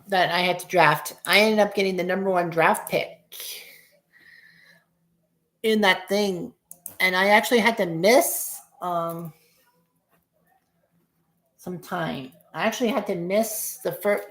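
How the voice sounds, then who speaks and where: A woman's voice: lowish voice, a little slow, fairly bright tone, echoey room. A woman in her forties giving casual, rambling play-by-play of a baseball game as a fan streamer, cursing at bad plays. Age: 40s.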